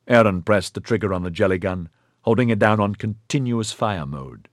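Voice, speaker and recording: A man reading a novel aloud as an audiobook narrator in a steady, measured way. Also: fairly low pitch, no echo. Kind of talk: scripted narration of a sci-fi novel.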